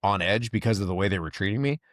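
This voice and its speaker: A man's voice: on the low side, fast, no room sound, clean studio sound. A man hosting a podcast, telling stories in casual chat and acting out the voices of people he quotes. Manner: animated storyteller, acts out quoted voices. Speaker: podcast host, veteran.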